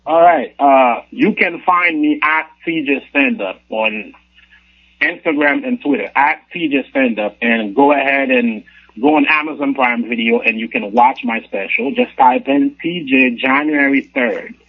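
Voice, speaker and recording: Husky man on a tinny phone line. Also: medium pitch, a little slow. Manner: relaxed, plugging his special. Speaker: stand-up comedian guest. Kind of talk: casual phone interview. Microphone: phone call.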